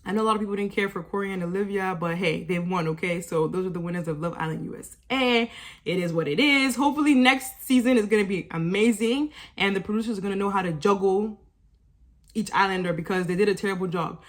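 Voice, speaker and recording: A woman's voice: mid-range voice, fast. A young woman recapping a reality show for her channel, chatty and sassy, laughing often and talking straight to her viewers. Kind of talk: casual show-recap vlog.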